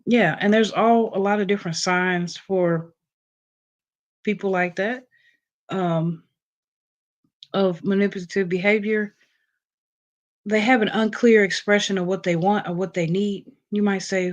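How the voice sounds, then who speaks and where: A woman's voice: medium pitch, fairly even intonation, slow pace, long pauses. A woman hosting a casual livestream, just out of bed, reading points from a list with plenty of ums and chatting with her viewers. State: just woke up. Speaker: livestream host.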